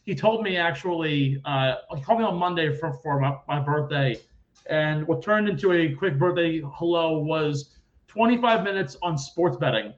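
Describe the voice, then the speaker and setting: High-pitched, animated man on a podcast. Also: moderate pace, highs cut off. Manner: animated, rambling, acts out quotes loudly. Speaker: podcast host. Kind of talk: casual sports podcast chat.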